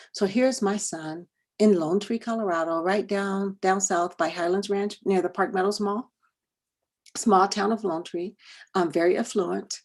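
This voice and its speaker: Middle-aged woman workshop presenter, husky and fairly low, chatty storytelling to parents. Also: darkish tone. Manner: conversational, repeats words while telling a personal story. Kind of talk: storytelling talk to parents and educators.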